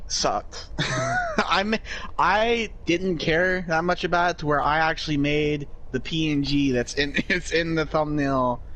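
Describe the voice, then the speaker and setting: A man's voice: on the high side, a little slow, a bit bright. A man co-hosting a casual wrestling review, making jokes and laughing often. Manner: joking, laughs between lines. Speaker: podcast co-host.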